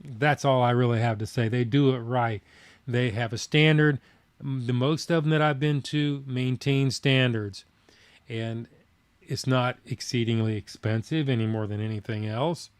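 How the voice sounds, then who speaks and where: A man's voice: medium pitch, steady tone, normal speed, clean tone, no echo. Plainspoken man chatting on a live stream. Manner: plainspoken, folksy, rambling with fillers. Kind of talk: casual live-stream chat reading comments.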